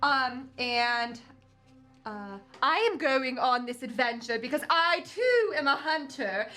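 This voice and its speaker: A woman's voice: high voice, lively intonation, slow pace, bright, forceful tone, soft background music. A woman playing a tabletop game who speaks in character with a prim, refined manner. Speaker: player.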